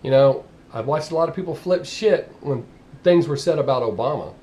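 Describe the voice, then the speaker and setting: A man's voice: medium pitch, expressive, normal speed, darkish tone. Blunt Southern man ranting. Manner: blunt, profane, sarcastic. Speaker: vlogger. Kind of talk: casual ranting monologue.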